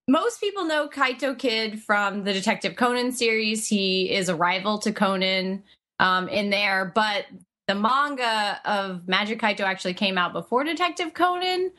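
A young woman talks in a bright, clear tone as she co-hosts a casual podcast. She rambles excitedly and often stops to restart her thoughts. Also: mid-range voice, a little slow. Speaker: podcast co-host.

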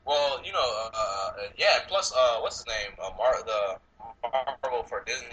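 A man co-hosting a casual movie podcast, excitable, swearing freely and laughing often. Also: mid-range voice, normal speed, a little hiss or hum, rough recording. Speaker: podcast co-host.

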